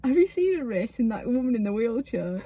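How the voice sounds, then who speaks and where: A young woman, chatting casually as a podcast co-host, giggly and animated, swearing freely. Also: fairly high pitch, fairly quick, muffled recording, a little hiss or hum. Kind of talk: casual chat.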